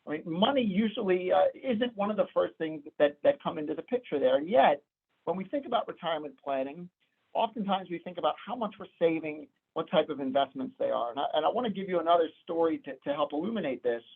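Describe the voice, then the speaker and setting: Midwestern guy talking retirement plans, gravelly and husky, sounds like it's over a phone. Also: a little high, lively intonation, fast talker. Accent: Midwestern American. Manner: conversational, storytelling with quoted dialogue. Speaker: financial advisor. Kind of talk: presentation to clients. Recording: tinny phone-like audio.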